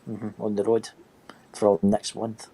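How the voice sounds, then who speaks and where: A man's voice: fairly low pitch, monotone, takes it slowly, warm tone, breathy edge, low-quality recording. A man, chatting casually and dropping in short remarks. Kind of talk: casual chat.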